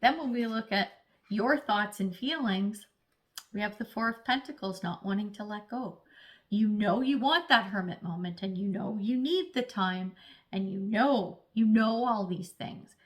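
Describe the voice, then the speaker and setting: A tarot reader gives a casual, chatty reading, playfully putting on little voices and calling herself an earth sign. Her voice is mid-range and her pace measured.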